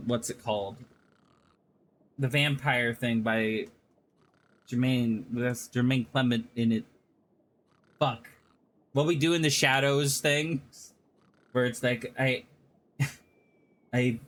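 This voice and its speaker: Joking bright-voiced man streaming. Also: mid-range voice, slight background noise. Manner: joking, laughing easily. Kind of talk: casual chat while playing a game.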